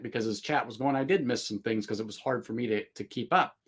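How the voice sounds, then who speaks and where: A man's voice: mid-range voice, quick pace, few pauses, a bit bright. A man hosting a casual livestream chat, rambling with many fillers and restarts and laughing often. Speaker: livestream host.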